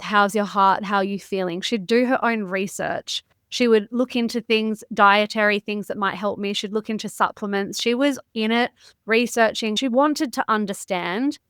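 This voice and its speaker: A woman's voice: medium pitch, a bit bright, clean tone, dry recording. A woman, a podcast guest talking openly and emotionally, close to tears, with some frank swearing. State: near tears. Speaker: podcast guest, mindset educator. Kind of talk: candid interview conversation.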